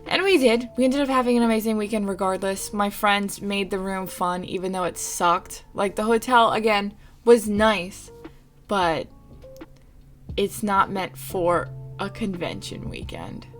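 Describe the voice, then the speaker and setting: A young woman tells a casual storytime to her viewers, animated and quick to swear. Her voice sits at an ordinary middle pitch. Faint music plays quietly underneath. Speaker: vlogger and streamer.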